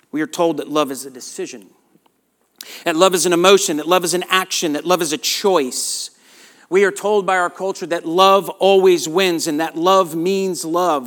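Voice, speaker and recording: Southern man preaching, slightly high voice. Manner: hushed earnest prayer turning to lively, emphatic preaching. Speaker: pastor. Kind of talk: sermon.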